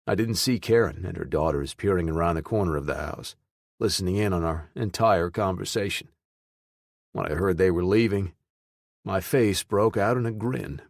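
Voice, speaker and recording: A man narrating a first-person audiobook in a plain, steady storytelling manner. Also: low-pitched, moderate pace, vocal fry, no room sound, studio quality.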